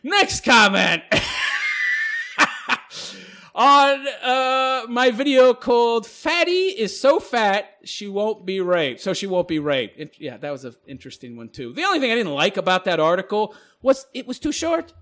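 A man reads viewer comments aloud on his own channel and answers them with scorn. His voice sits high and swings widely in pitch. He rambles and laughs as he goes. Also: sing-song, moderate pace, hardly any pauses, fairly bright tone. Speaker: channel host responding to comments. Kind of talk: mocking commentary monologue.

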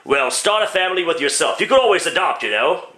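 A man's voice: a little high, big pitch swings, fast, bright, forceful tone. A man voicing a grumpy, whiny old miser, grumbling in a one-man comedic radio play. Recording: roomy echo, distant mic.

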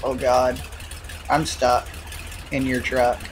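A man's voice: mid-range voice, level tone, slow pace, slight background noise. A young man chatting casually and profanely with a friend while playing a game, laid-back and joking. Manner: profane, laid-back banter with frequent laughs. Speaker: gamer streaming co-op play. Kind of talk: casual gameplay chat.

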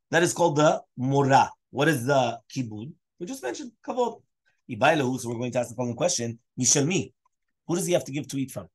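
A man's voice: mid-range voice, slightly rough. A man, a rabbi, teaching a Talmud class, mixing Hebrew and Aramaic terms into his English and quizzing his students. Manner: asks students questions. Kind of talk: Daf Yomi Talmud class.

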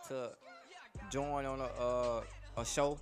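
A man's voice: mid-range voice, level tone, slow pace, soft background music. A man, a rapper being interviewed, talking casually and rambling as he stumbles over and repeats his words. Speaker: rapper guest.

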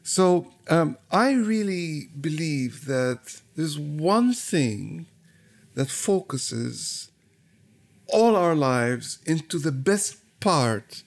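A man answering interview questions in a studio, in a thoughtful, earnest and measured way. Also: fairly high pitch, big pitch swings, creaky. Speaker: guest musician.

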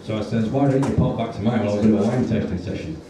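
A man with a British accent performing a stand-up comedy set, telling a long story in a deadpan way and pausing before his punchlines. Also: on the low side, background noise. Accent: British English. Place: comedy club stage with audience. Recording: roomy live club audio from a distance. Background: audience laughter.

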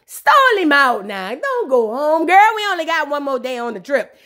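A woman voicing a pushy friend in a low, gruff put-on voice. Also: very animated, normal speed, bright, forceful tone, full character voice. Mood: coaxing, gruff. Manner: pushy, coaxing.

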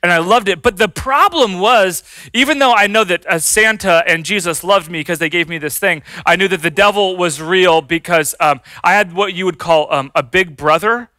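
A man preaching with a high, bright voice that cuts through clearly. He tells his stories in an animated way and acts out the voices of the people in them. The sound is dry and close, with almost no room echo. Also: moderate pace, faint music behind. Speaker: pastor. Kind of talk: sermon.

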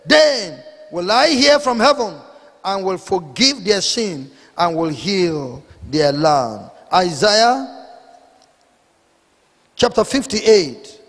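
A high-pitched man with a Nigerian accent preaches fervently, swinging between scripture reading and loud rebuking questions. His voice rings out with a long reverb in a church hall. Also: lively intonation, extremely slow. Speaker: pastor. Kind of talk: sermon.

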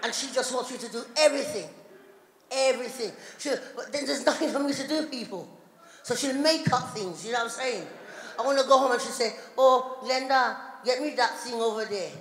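A middle-aged woman doing a live stand-up routine, loud and chatty with the crowd. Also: a little high, brisk. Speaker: stand-up comedian. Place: large hall on stage before a live audience. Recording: echoey hall, live audience noise.

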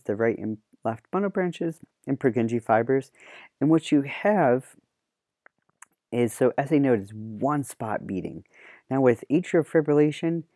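A man teaching nursing students in a relaxed, explanatory lecture, leaning on homespun analogies and occasional fillers. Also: mid-range voice, dry recording, studio quality. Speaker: nursing and paramedic instructor. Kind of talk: classroom lecture.

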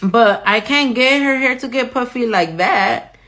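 Her pitch is fairly high and her tone fairly bright, and she doesn't hurry. During a live tutorial, this nail artist chats casually, swears freely, and moves between English and Spanish while she shows her work.

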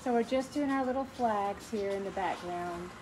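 A middle-aged woman teaching a live online painting class in a gentle, chatty way, greeting viewers by name as she works. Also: medium pitch, normal speed, noisy background. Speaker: painting instructor.

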